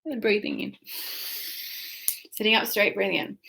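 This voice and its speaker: A woman with a gravelly, somewhat bright voice at medium pitch keeps a steady tone while leading a guided tapping and breathing exercise. As a tapping practitioner, she goes slowly, instructing listeners, yawning, and speaking whiny repeated emotional phrases for them to echo.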